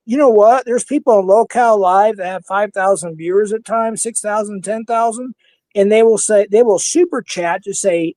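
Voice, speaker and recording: A man's voice: sits high, normal speed, darkish tone, no room sound. A man in his fifties with a Minnesota accent, hosting a casual livestream panel in a blunt, heated way and swearing freely. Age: 50s.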